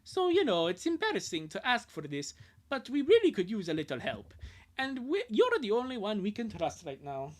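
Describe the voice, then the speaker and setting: A woman's voice: medium pitch, wildly swooping pitch, moderate pace, pitched above the performer's own voice. A woman voicing an earnest young boy on the run, asking for help in a pleading tone during a fan reading.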